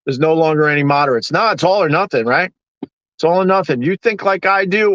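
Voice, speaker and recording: Ranting stream host, male, higher voice, bone-dry and slightly muffled sound, sarcastic and exasperated. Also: animated, fairly quick, a bit bright, no echo. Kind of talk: ranting live-stream chat.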